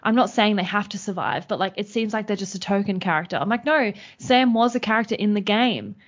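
A woman's voice: medium pitch, a little fast. A woman co-hosting a podcast, chatting casually and retelling stories with lots of fillers. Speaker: podcast co-host. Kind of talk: casual chat. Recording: slightly dull lo-fi sound.

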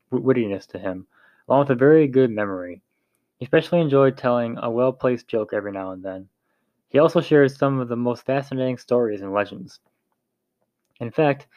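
Brief: male narrator reading a story, plain and steady, stumbles now and then, dry muffled recording. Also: mid-range voice, no echo. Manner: plain reading with small slips and restarts. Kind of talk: reading a novel aloud.

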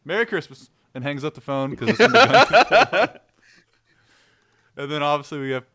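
A man's voice: fairly high pitch, sing-song, normal speed, pushed and bright. A man hosting a casual movie podcast, laughing often and acting out quoted lines. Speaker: podcast host.

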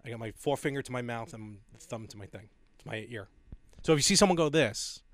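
A man co-hosting a podcast in casual chat, playful and quick with quips, often laughing. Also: mid-range voice. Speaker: podcast co-host.

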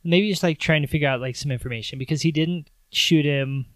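A man co-hosting a casual movie podcast, laid-back, often answering with mm-hmm and musing out loud. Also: a little high, a little fast, dry recording. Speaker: podcast co-host.

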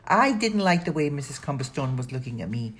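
A woman doing a high, light young girl. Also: very animated, brisk, husky, exaggerated voice. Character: young orphan girl, shy and hungry.

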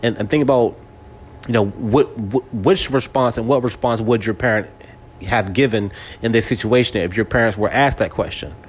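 A man in his forties from California hosts a casual monologue with a fairly low voice. He stumbles and restarts often, circling back over his words. He keeps turning to the listener to check they are following along. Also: moderate pace, a little hiss or hum. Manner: talks straight to the listener, seeking agreement. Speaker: podcast host.

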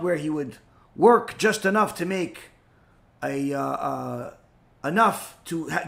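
Male teacher, high voice, lively storyteller who acts out his characters. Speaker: Torah teacher. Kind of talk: storytelling lesson.

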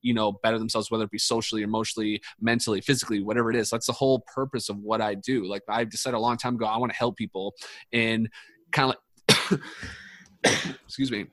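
Fast-talking man telling a rambling story. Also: fairly low pitch, steady tone, a bit bright, no room sound. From United States. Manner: rambling, swears freely, many fillers and restarts. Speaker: podcast guest. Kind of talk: casual podcast storytelling.

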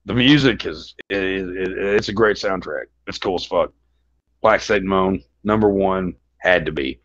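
This co-host is another man with a low, fairly bright voice who talks a little slowly. He rambles through a casual movie chat on the podcast, restarting often and cursing constantly, all captured in dull lo-fi audio.

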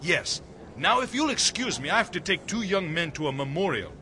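A man's voice: sits high, sing-song, brisk, pushed and bright, slight background noise, exaggerated voice. An actor playing a polite, formal and wry male tour guide in a radio drama. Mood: courteous.

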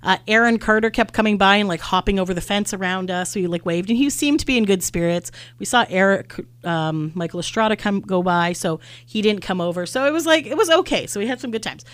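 This young podcast host chats casually through a story, performing the quotes and saying "like" often. Her mid-range voice is animated and smooth, a little fast with few pauses, and the recording has no echo.

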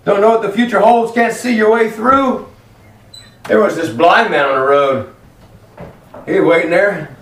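A man preaching a lively sermon in a church hall, acting out voices as he tells stories. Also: high voice, a little slow, pauses often. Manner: animated, acts out voices in stories. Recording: echoey hall, from far off, faint noise.

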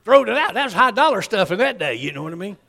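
A man's voice: sits high, big pitch swings, fast talker, gravelly, pushed and bright, in a large hall. A man, preaching a sermon in a folksy storytelling way and acting out the people in his story.

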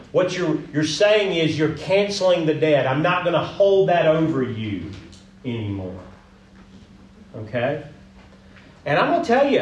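A man pastors a group session in a folksy, animated way, tossing questions to the tables. His voice sits a little high and comes from some distance, with a roomy echo and faint room ambience. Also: slight background noise. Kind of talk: interactive sermon teaching.

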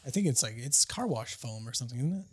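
A man's voice: mid-range voice, lively intonation, quick pace, slightly rough. A man in casual chat, throwing in wisecracks and swear words and laughing often.

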